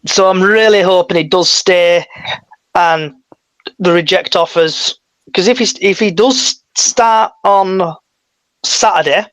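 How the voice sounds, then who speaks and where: Man, casual fan-podcast co-host, fairly high-pitched, dry close sound. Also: slow pace, a bit bright, dry recording, rough recording. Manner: chatty, leading questions.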